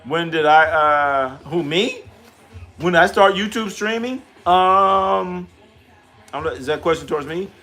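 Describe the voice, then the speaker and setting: A middle-aged man hosts a loose live stream, trash-talking and repeating his points as he reads chat. His voice sits a bit high for a man. Faint music plays behind him. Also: a little slow, bright, forceful tone.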